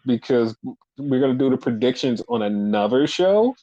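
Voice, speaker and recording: A man co-hosting a podcast recaps wrestling casually, rambling with plenty of fillers and performing quotes. He sounds animated and warm, with a medium pitch and normal speed, and the lo-fi audio is slightly dull.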